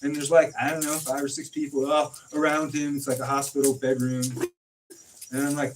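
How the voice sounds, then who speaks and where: A man telling stories in a casual chat, acting out quoted dialogue with animated swings in his delivery. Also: fairly high pitch, a little fast. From California. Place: informal home conversation. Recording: distant mic with faint noise.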